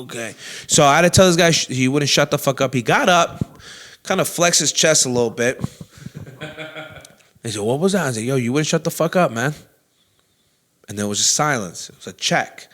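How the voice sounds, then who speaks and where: A man telling a comedy story with a lively voice that swings high and low. He is loud and profane and acts out every quote. He sits a little above the usual male pitch. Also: moderate pace, pauses often. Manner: loud, animated, swears often, acts out quotes. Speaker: comedian host.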